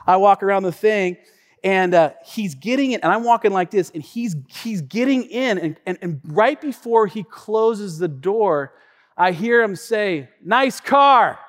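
A male pastor preaching in a chatty, animated storytelling way, full of asides and repetitions, heard in a reverberant church hall. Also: sits high, unhurried. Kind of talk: storytelling sermon.

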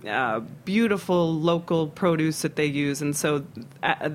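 A middle-aged man from Philadelphia talks about his cooking life in a loose, rambling way. His voice sits a little high, and he keeps circling back over his words with fillers and restarts. Faint steady noise hums behind him. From Philadelphia, United States. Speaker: chef, interview guest. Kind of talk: casual storytelling interview.

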